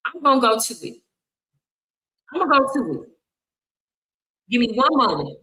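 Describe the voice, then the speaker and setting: A woman's voice: on the high side, sing-song, moderate pace, pushed and bright, low-quality recording. A woman hosting a reaction video, speaking bluntly and confrontationally with heavy swearing. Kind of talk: angry reaction commentary.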